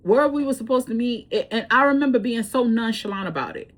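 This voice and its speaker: Woman, fairly high voice, blunt casual storytelling, swears freely. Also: a little fast. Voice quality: blunt, profane, animated storytelling. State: breathing hard. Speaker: tarot reader.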